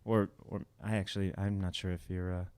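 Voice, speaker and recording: A man's voice: deep voice, little pitch movement, fairly quick, a little mellow, clear, resonant tone. A man hosting his own music livestream at home, chatting casually and rambling a little as he greets viewers by name.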